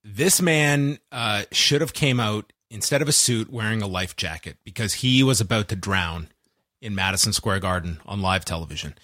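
A man co-hosting a wrestling chat show, his pitch swinging widely as he recaps with a sarcastic edge. The recording is dry and close, with no room sound. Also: animated, moderate pace, sharp tone, no echo. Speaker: wrestling podcast co-host. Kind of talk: casual chat.

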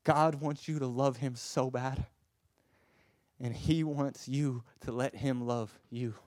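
On a dry, studio-quality recording, a man with a mid-range voice and fairly even intonation preaches slowly but with passion. He moves from loud exhortation to quiet hush, frequently stammering and repeating himself.

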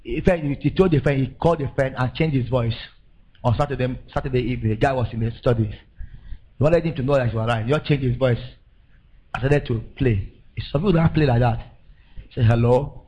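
Husky Nigerian preacher, animated. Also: male voice, mid-range voice, brisk, rough recording. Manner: animated storytelling, laughing, rising to emphatic declarations. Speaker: pastor. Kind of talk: sermon.

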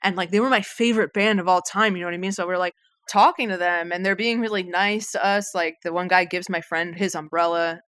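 A woman's voice: lowish voice, steady tone, brisk, fairly bright tone, no echo. A woman in her thirties, a podcast guest, telling a story in casual, chatty talk full of swearing and "like". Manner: chatty, profane, many likes.

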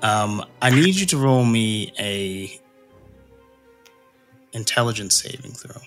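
A man's voice: fairly low pitch, lively intonation, takes it slowly, fairly bright tone, faint music behind. A man narrating a tabletop game as game master, hesitant and full of ums and uhs.

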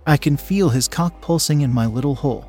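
A man's voice: a little high, a little fast, a little mellow. Man reading a story over faint music. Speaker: story narrator. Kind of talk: scripted first-person story narration.

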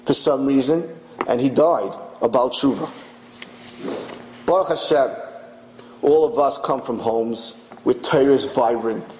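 Slow, dramatic male storyteller. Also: mid-range voice. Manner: dramatic, slow, emphatic storytelling with sudden loud bursts. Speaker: storyteller, rabbi-style speaker. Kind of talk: inspirational religious storytelling sermon. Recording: echoey room with faint noise.

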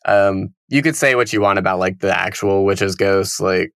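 Low-voiced man in dry casual chat. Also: moderate pace, creaky, fairly bright tone, clear, resonant tone, no echo. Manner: rambling, full of "like" fillers.

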